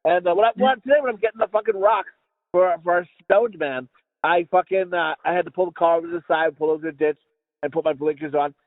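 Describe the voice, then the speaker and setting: A man's voice: high-pitched, fast, no room sound. A man in his thirties co-hosting a podcast, telling stories in casual chat and swearing freely. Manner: swearing, animated storytelling. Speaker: podcast co-host. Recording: dry tinny phone-like sound.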